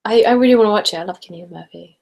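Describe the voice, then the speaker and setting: A chatty woman, hosting a relaxed live chat for her viewers. She reads out their comments one by one and answers each, breaking into giggles as she goes. Her voice sits at an ordinary middle pitch. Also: racing, creaky. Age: late 20s. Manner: chatty and giggly, often laughing mid-sentence. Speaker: ASMR channel host.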